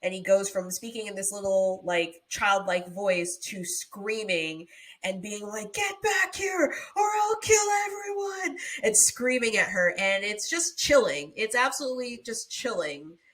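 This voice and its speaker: A woman's voice: medium pitch, measured pace. Woman podcast cohost, casual movie recap, acts out lines now and then. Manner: animated retelling with playful quoted voices. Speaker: podcast co-host.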